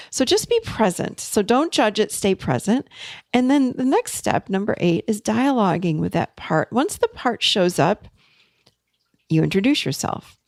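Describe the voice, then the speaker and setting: A woman's voice: mid-range voice, dry recording, clean studio sound. A woman in her forties hosting a podcast, talking in an earnest, coaching way as a therapist. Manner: earnest, coaching, speeds up and slows down. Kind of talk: teaching podcast talk.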